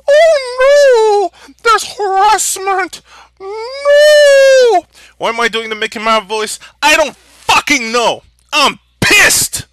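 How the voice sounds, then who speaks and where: A young man delivering an angry, profanity-filled vlog rant and shouting at times. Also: very high-pitched, dry recording. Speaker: vlogger.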